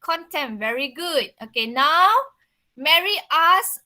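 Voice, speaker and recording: A woman's voice: sits high, expressive, slow pace, pushed and bright. A woman teacher with a Malaysian accent explaining a play to a class, checking in with questions. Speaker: English literature teacher.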